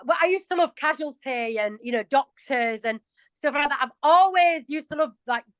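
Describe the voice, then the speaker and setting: An English woman in her early forties with a broad Yorkshire accent chats casually as an interview guest, self-mocking and laughing often. Her high voice has lively intonation and a moderate pace. The lo-fi recording is close and dry, with no room sound.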